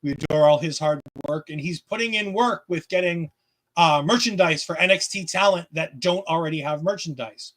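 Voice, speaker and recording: A man's voice: on the high side, normal speed, fairly bright tone, a little hiss or hum. A man co-hosting a casual wrestling post-show, talking animatedly and playfully mocking the people he discusses. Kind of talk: casual chat.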